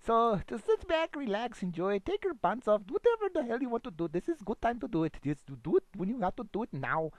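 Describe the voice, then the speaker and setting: A man voicing a bumbling, crude male radio DJ with a put-on foreign-sounding delivery and broken English, rambling excitably into a home computer microphone. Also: sits high, brisk, few pauses, dry recording. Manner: rambling, excitable, swings between loud bursts and mumbles. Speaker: comic radio host persona. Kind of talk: improvised comedy monologue.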